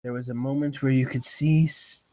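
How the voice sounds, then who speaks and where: A man on a comedy podcast reading a reddit story aloud in a low, grave tone, his mic sounding distant at times. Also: fairly even intonation, moderate pace, mellow, dry recording. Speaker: podcast co-host and story reader. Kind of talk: casual podcast chat and dramatic story reading.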